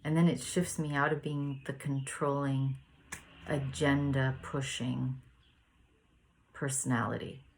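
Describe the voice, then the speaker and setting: A woman in her thirties leading a spiritual study, chatting in a gentle, meandering way and laughing often. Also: a bass voice, flat delivery, takes it slowly, gravelly, long pauses, a little hiss or hum. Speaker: spiritual study group leader. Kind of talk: casual reflective sharing and reading aloud.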